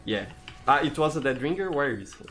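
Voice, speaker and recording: A man with a Brazilian accent chats with his stream viewers while he plays. His middle-pitched voice is loose and talkative, full of "you know"s and little restarts. Faint music plays behind him. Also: animated, fairly quick, fairly bright tone. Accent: Brazilian Portuguese. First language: Portuguese. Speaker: game streamer. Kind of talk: live gameplay commentary.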